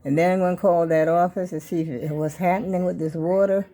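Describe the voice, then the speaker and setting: A woman's voice: fairly low pitch, steady tone, a little fast, warm tone. An older woman chatting casually to her viewers in a rambling home vlog, trailing off mid-sentence and calling them y'all, recorded on a handheld phone. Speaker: vlogger. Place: at home, indoors. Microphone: handheld phone camera.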